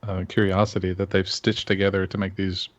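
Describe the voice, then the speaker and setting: A man's voice: low-pitched, completely flat delivery, brisk, no echo, dull audio. A man playing in a tabletop game, chatting casually and making joking, wry asides. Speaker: player.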